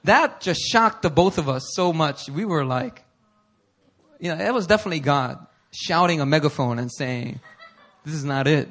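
A male pastor telling a personal story in a sermon, animated and conversational, often laughing. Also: a little high, moderate pace. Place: church service before a congregation.

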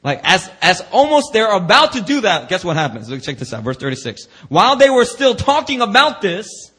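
A man preaching a lively sermon in church, acting out quoted voices with slangy asides and a husky edge. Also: sits high, a little fast. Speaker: pastor.

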